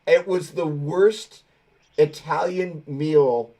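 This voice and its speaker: A man's voice: fairly high pitch, very slow, dark tone. A man hosting a casual chat, telling stories with many restarts. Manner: rambling, self-correcting storyteller. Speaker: host.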